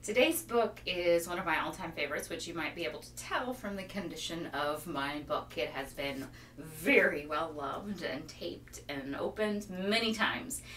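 Bright, animated storytime woman. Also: lowish voice, measured pace, slight background noise. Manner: animated sing-song, imitates animal sounds for kids. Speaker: children's librarian leading storytime. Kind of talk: children's storytime with rhymes.

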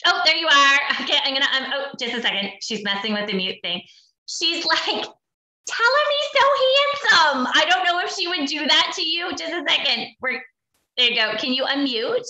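Woman medium on a video call; bright, halting delivery with lots of fillers. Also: high voice, expressive. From Canada. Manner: halting, searching, full of fillers. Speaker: psychic medium. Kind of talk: live online group reading. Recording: echoey room on a video call.

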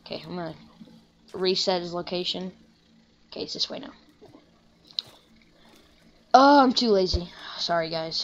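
A young woman giving rambling, casual commentary while playing a video game, breaking into excited shouts now and then. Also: fairly low pitch, gravelly, slight background noise. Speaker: gaming channel host.

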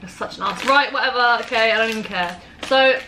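A young English woman, chatty and quick to laugh, taste-testing sweets and giving scores. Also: fairly high pitch. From England. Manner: chatty, laughs easily, teasing. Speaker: vlogger. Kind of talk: casual taste-test chat. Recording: noisy home recording.

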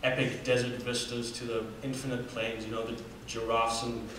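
A man's voice: mid-range voice, little pitch movement, moderate pace, fairly bright tone. Young man, earnest student speaker, from Namibia; recorded in a very reverberant hall from a distance, faint room hum. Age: 20s. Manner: earnest storytelling with fillers and restarts. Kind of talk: personal story talk. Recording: echoey hall from far off.

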